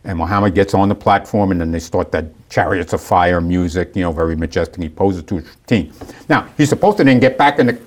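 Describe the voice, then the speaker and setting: A man casually telling a long, animated story and acting out the people in it. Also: sits low, brisk. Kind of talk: casual anecdote.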